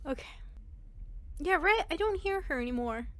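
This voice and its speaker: A young woman streaming a horror game in a very high, bright voice, talking slowly and jittery with nervous laughter. The sound is close and dry. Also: animated, no room sound. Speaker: gaming streamer. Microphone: headphones with mic.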